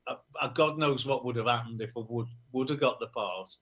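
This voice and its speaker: A man from Liverpool with a Liverpool accent, a musician guest telling anecdotes in a relaxed, self-deprecating way. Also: medium pitch, fairly quick. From Liverpool, England. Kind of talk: casual interview chat.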